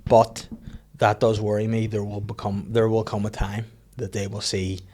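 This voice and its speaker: A man's voice: little pitch movement, normal speed, mellow. A man, hosting a casual podcast chat and swearing freely. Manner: swears freely, acts out his kids in high voices. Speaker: podcast host.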